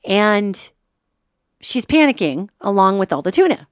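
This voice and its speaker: A woman's voice: mid-range voice, big pitch swings, a little slow, no echo. Impassioned woman host, dry close sound. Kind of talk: solo spiritual commentary podcast.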